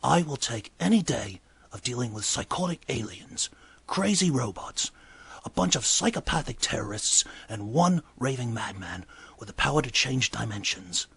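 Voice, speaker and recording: A man voicing a quiet, secretive male scientist who speaks in flat, hushed whispers. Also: medium pitch, moderate pace, creaky, breathy edge, heavily acted. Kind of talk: comedic character monologue.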